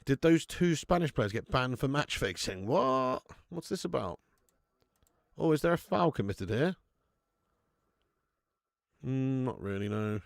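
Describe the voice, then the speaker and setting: A man hosts a football watch-along stream, trading slangy, jokey banter and laughing often. He speaks at a middling pitch, and the close mic leaves his voice dry. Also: expressive, unhurried, gravelly, pauses often, no echo. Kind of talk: live stream commentary and chat.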